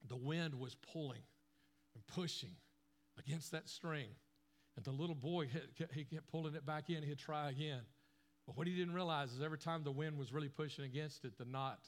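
A man preaching a sermon, telling a story with lively acted-out voices. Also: mid-range voice. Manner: animated storyteller acting out voices. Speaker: pastor.

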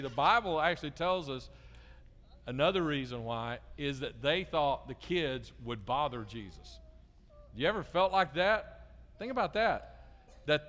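A middle-aged pastor gives a children's sermon, coaxing the kids with lively questions. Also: male voice, a little high. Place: church sanctuary. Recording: long reverb of a large church hall.

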